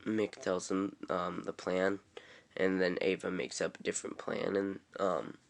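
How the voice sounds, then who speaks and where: Young male reviewer, deep, gravelly voice, offhand rambling recap. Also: level tone, a little slow. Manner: rambling, filler-heavy, offhand. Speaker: TV episode reviewer. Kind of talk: casual episode recap.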